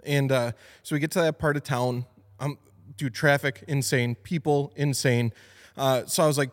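A man co-hosting a casual podcast in a car shop, an animated storyteller who swears and acts out quotes loudly. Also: mid-range voice, normal speed. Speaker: podcast co-host.

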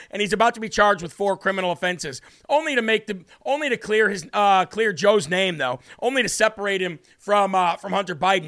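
A man's voice: sits high, bright, forceful tone. A man hosting a political commentary show, combative and mocking, with emphatic delivery. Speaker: host.

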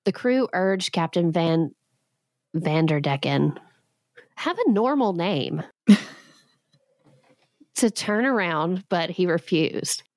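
A woman's voice: lowish voice, lively intonation, takes it slowly, pauses often, a little mellow, no room sound, studio quality. A woman in her thirties hosting a podcast, retelling a legend with sarcastic comic asides and frequent laughs. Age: 30s. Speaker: podcast host.

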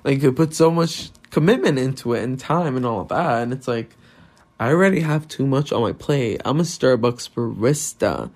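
A man's voice: mid-range voice, lively intonation, moderate pace, darkish tone. A young man with a non-native English accent, hosting a podcast in a candid, self-deprecating solo monologue and swearing often. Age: young adult. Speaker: podcast host.

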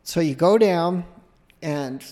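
A middle-aged man, a podcast guest, telling a long casual anecdote in a rambling, animated way, often breaking off and restarting. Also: a little high, slow pace, big-room sound. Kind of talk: casual storytelling.

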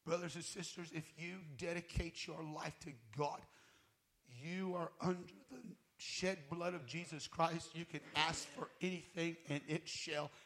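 A man preaching a heartfelt sermon in a high, gravelly voice. He tells his own testimony, rising into loud fervent bursts and sinking to hushed, almost whispered moments. The delivery is raw and personal, with plain everyday phrasing. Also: flat delivery, unhurried. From United States. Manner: emotional testimony, voice rising to loud fervor and dropping to near-whisper. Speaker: guest minister.

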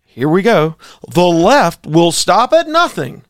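Male pastor co-host, emphatic opinion talk, slightly high pitch, dry studio sound. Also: sing-song, slow, fairly bright tone, dry recording. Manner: opinionated, emphatic, rhetorical questions. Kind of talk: casual talk show commentary.

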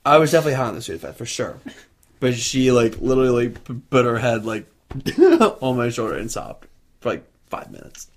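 A man's voice: medium pitch, brisk. A man co-hosting a casual podcast, telling a story and laughing his way through it. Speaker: podcast co-host. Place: video podcast set.

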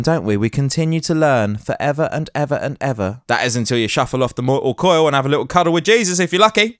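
A man's voice: mid-range voice, a bit bright, no echo, clean studio sound. A man hosting a podcast, reading tech news aloud and breaking into playful, theatrical jokes. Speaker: podcast host. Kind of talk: news reading with comic asides.

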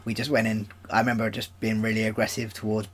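A man's voice: lowish voice, flat delivery, quick pace, slightly rough. A young man trading old stories on a casual podcast. He laughs often as he talks and fills his sentences with ums and uhs. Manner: laughs often while telling stories, many fillers. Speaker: podcast co-host. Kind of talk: casual chat.

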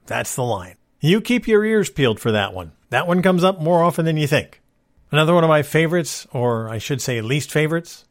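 A man's voice: fairly high pitch, lively intonation, a little fast. A man hosting a casual solo podcast, talking in a wry, exasperated way. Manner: wry, exasperated complaining about movie cliches. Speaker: podcast host.

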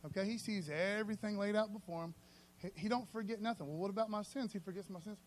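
A man preaching a sermon in a loose, conversational, storytelling way, often calling the listeners "man" and swinging between soft and loud. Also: high voice, fast, a little hiss or hum.

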